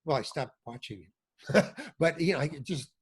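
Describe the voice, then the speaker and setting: A man, an older actor, telling animated stories as a podcast guest and acting out what others said. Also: a little high, normal speed, slightly rough. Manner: animated storyteller, acts out quoted voices. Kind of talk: storytelling in a podcast interview.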